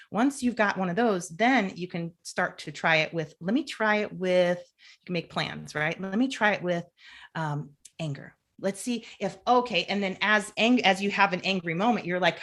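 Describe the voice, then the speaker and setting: A woman's voice: medium pitch, moderate pace. A woman, a clinical social worker, being interviewed on a podcast; she explains at length, often restarting sentences and acting out inner voices. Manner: animated, acts out inner self-talk.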